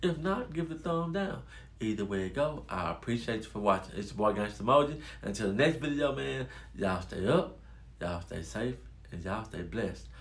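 A man casually telling a personal story to his viewers, animated and addressing them as y'all. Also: on the low side, moderate pace. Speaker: storytelling vlogger.

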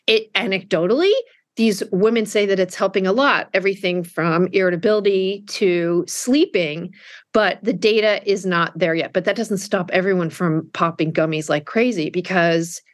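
A middle-aged woman author being interviewed, telling candid stories in a lively way with frequent restarts. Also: on the low side, no echo, clean studio sound. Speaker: author guest. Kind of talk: conversational interview.

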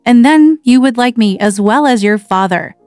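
A woman's voice: mid-range voice, unhurried, a little mellow, no room sound, natural voice. Brief: woman reader voicing a frail, spiteful teen boy; peevish, taunting; dry close read. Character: sickly spiteful teenage boy, whiny and taunting.

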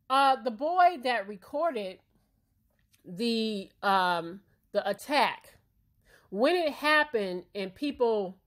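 A woman who is a parent hosting a casual opinion commentary, talking bluntly and emphatically and often checking in with her listeners. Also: mid-range voice. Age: adult parent. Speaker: commentary channel host.

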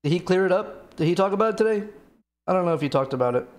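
A man's voice: high-pitched, expressive, racing. A man streaming live and chatting with his viewers, rambling and venting with lots of fillers and swearing. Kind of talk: casual chat to stream viewers.

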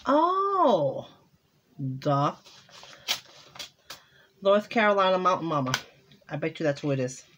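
Her deep voice moves quickly with lively intonation as she vlogs casually at home, opening holiday cards and crafting mail and exclaiming over each. The recording is muffled, with a noisy background.

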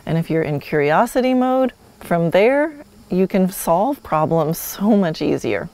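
A woman's voice: on the low side, sing-song, measured pace, darkish tone, no echo. A woman hosting a solo podcast, teaching horsemanship in a friendly, instructive way with light laughs.

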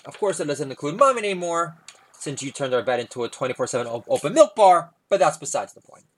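A man tells stand-up stories about family life. His delivery is wry, with quick asides. When he quotes his small daughter, his pitch jumps up. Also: expressive. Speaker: stand-up comedian. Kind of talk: stand-up storytelling.

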